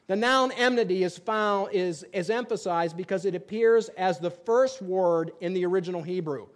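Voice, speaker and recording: A man's voice: sits high, normal speed, hardly any pauses. A man preaching a sermon from the pulpit in a church, reading scripture aloud and making emphatic points with plain examples. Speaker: pastor.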